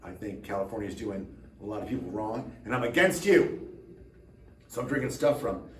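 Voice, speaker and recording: A man's voice: on the low side, expressive, normal speed, roomy sound, distant mic, a little hiss or hum. A tired man hosting his own channel, chatting casually to camera with rambling, self-mocking dry jokes. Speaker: drummer and channel host.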